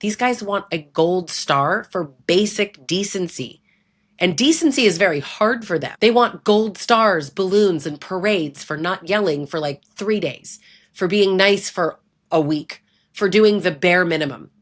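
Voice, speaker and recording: Woman, lowish voice, blunt, emphatic, conversational advice talk, keeps asking "right?". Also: a little slow. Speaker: relationship abuse educator. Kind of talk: direct-to-camera advice talk.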